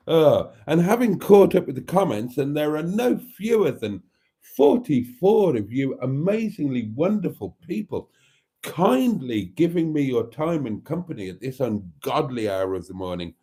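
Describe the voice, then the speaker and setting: A man chatting warmly with viewers on his live stream, camp and talkative, laughing often and calling them darlings. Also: mid-range voice, very animated, unhurried.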